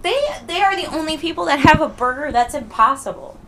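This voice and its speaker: A woman's voice: high voice, fairly quick, very noisy. A woman co-hosting a podcast, talking in a casual, argumentative way. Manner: animated, argumentative. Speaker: podcast co-host. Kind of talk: casual chat.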